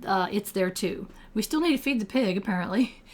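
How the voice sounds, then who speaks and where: A woman's voice: mid-range voice, expressive, a little fast. An older retired woman playing a farming game, chatting casually and reading game text aloud. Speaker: game streamer. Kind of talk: casual let's-play commentary.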